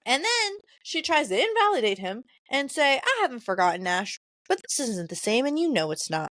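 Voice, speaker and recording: A woman's voice: high-pitched, sing-song, normal speed, a bit bright, no room sound, clean studio sound. A woman co-hosting a podcast, casually summarizing a novel and reading its dialogue aloud, stumbling over names. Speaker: podcast co-host. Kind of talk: casual book discussion, reading passages aloud.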